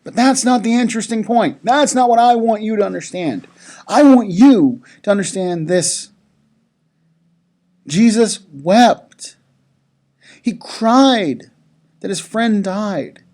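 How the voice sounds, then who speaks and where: A speaker giving a chapel talk to school children, telling a story gently and asking the listeners questions. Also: medium pitch, animated, unhurried.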